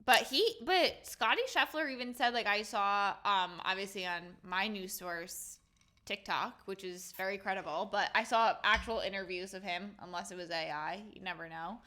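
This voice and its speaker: A woman's voice: mid-range voice, normal speed, sharp tone. A young woman co-hosting a podcast, chatting playfully with lots of "like" fillers. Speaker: podcast co-host. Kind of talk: casual chat.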